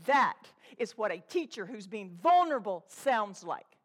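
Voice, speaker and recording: A woman preaching a sermon to a congregation, swinging between loud exhortation and hushed, intense asides. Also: mid-range voice, big pitch swings, normal speed. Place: church room with a congregation.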